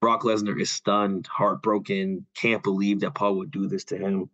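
Young male podcast co-host, low voice, casual rambling storyteller, muffled lo-fi sound. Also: completely flat delivery, fairly bright tone. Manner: loose, filler-heavy retelling with quick quoted asides. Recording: dull lo-fi audio.

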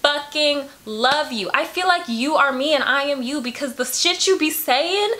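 A woman's voice: high-pitched, normal speed. A woman reacting to a song from her bedroom, gushing, emotional and swearing freely. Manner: emotional, gushing, profane, animated. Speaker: music reaction vlogger. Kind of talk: casual reaction commentary.

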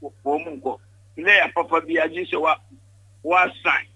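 Bright husky older Ghanaian man. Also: fairly high pitch, fairly even intonation, a little slow, no echo, low-quality recording. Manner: emphatic, repeats words when pressed. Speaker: interview guest. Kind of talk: candid interview.

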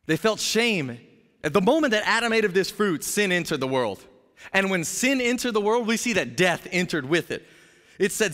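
A man preaching a sermon as pastor, telling a story in an energetic, jokey way and acting out the characters' voices. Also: high-pitched, normal speed. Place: church sanctuary. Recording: long hall reverb.

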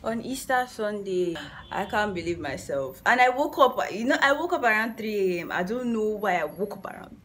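Young nigerian girl vlogging from her room, mid-pitched voice, sleepy then suddenly hyped, bit of hiss in the back. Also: normal speed. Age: young adult. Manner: chatty, drifting between sleepy mumbles and excited outbursts. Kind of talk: casual vlog chat. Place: at home, indoors.

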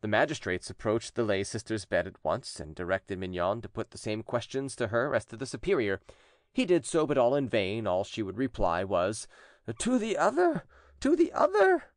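A man narrating a classic text as an audiobook, telling the story in a lively, expressive way. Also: lowish voice, normal speed, dry recording, studio quality.

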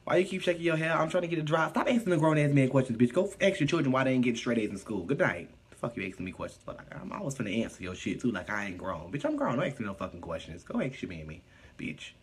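A man live streaming casual chat, reading viewer comments aloud and answering them in a sassy, profane, animated way. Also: medium pitch, fast, husky.

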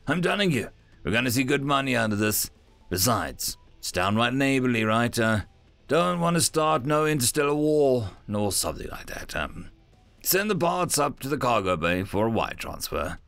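A man's voice: medium pitch, sing-song, moderate pace, gravelly, fairly bright tone, no echo, soft background music. A man voicing a brash, joking male space miner who talks in folksy rural slang. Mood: boastful.

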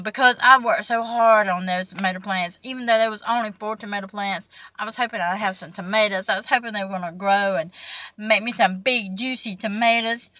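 Lady vlogging, chatty and fed up, bright punchy voice. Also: medium pitch, fairly even intonation, brisk, no room sound. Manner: chatty, exasperated storytelling. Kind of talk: casual chat to camera.

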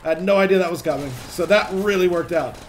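Chatty high-voiced young man gaming. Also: fast, slight background noise. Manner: chatty, excitable, swears under pressure. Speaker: gaming channel host. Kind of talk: casual gameplay commentary.

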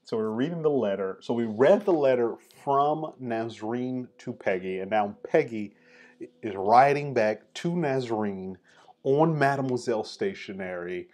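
Over tea, a host leads a casual, chatty conversation, his speech sprinkled with "like" and "right?". He has a mid-range voice with a darkish tone.

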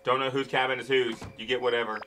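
With video game music in the background, a man hosts his gaming channel, offering laid-back commentary, impatient grumbles, and plenty of swearing. His delivery is flat and quick in a medium pitch. Background noise is audible.

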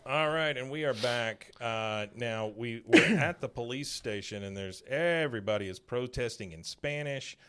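A man's voice: mid-range voice, normal speed, hardly any pauses, fairly bright tone, clear, resonant tone. A man hosting a podcast, casually recapping a cartoon episode and quoting its characters in passing voices. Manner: retells scenes, quoting characters in light put-on voices. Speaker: podcast host.

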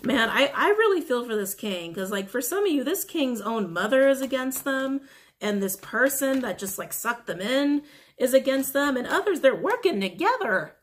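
A woman's voice: high voice, very animated, moderate pace. A woman giving a casual tarot reading to camera. She gushes with emotion, swears casually and repeats phrases for emphasis. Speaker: tarot reader.

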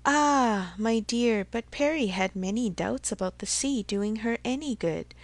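Fretful elderly gentleman, read by a woman. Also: fairly high pitch, expressive, measured pace, no echo. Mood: fretful fond. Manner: fretful, fond, repeats endearments. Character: fussy anxious elderly gentleman, doting father. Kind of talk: audiobook character reading.

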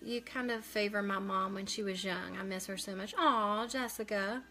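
A woman's voice: mid-range voice, steady tone, moderate pace, sharp tone, soft background music. A woman hosting a casual live makeup stream, chatting as she works and answering viewer comments aloud.

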